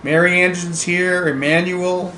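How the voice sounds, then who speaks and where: A man's voice: high-pitched, steady tone, normal speed, bright, forceful tone, slight background noise. A man playfully egging his friends on in casual chat at a dinner party.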